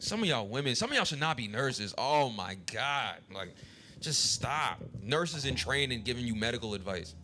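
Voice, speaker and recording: A man's voice: medium pitch, sing-song, normal speed, bright, forceful tone, a little hiss or hum. A man co-hosting a podcast, talking bluntly and profanely in casual chat. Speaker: podcast co-host.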